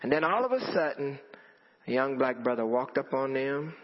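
A man preaching a storytelling sermon to a congregation, animated and repeating phrases for emphasis. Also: medium pitch, moderate pace. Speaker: pastor. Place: church in front of a congregation. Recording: dull lo-fi audio with long hall reverb.

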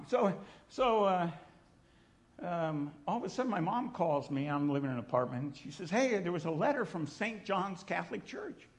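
A middle-aged man preaching, telling his testimony in an animated storytelling manner, acting out voices and sometimes shouting. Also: fairly high pitch. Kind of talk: sermon testimony.

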